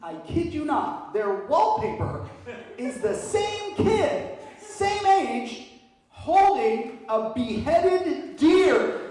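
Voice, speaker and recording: A man's voice: very high voice, drawn-out words, very echoey, far from the mic, low-quality recording. A man doing stand-up, telling stories with lots of energy and laughing through them. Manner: animated, laughing through his own stories. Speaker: stand-up comedian. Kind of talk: stand-up storytelling.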